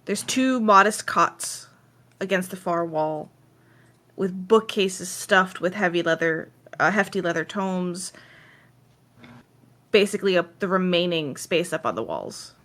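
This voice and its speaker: A woman's voice: fairly low pitch, a little slow, a bit bright. A woman narrating as game master, describing scenes in detail and correcting herself as she goes.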